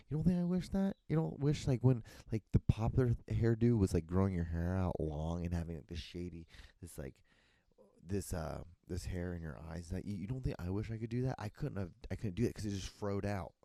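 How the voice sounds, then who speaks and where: A man's voice: low voice, dark tone, no room sound. A young man hosting a solo podcast, rambling in casual chat, swearing often and acting out quoted lines. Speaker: podcast host.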